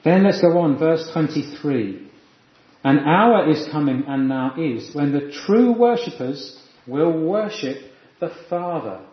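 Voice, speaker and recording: A man's voice: on the high side, expressive, takes it slowly. A man preaching a sermon in an earnest, reflective teaching manner. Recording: echoey, dull lo-fi room sound.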